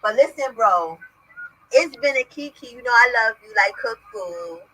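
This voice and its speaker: A woman's voice: on the high side, lively intonation, moderate pace, pushed and bright, no echo, low-quality recording. A young adult woman hosting a casual chat on a video call from home. She talks bluntly and profanely, often asking "you understand?". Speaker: host.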